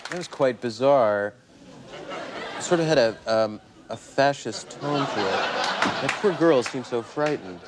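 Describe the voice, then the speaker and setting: Wry, understated talk show host. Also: male voice, mid-range voice, animated, measured pace, over a noisy crowd. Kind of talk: dry talk show banter. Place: TV studio with audience. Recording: noisy broadcast tape with audience.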